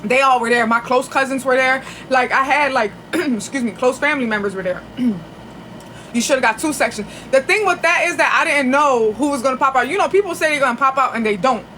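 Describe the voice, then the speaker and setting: A woman's voice: high voice, a little fast, pushed and bright, slight background noise. A woman telling a long story on a casual livestream, chatty and profane, with frequent restarts. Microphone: phone.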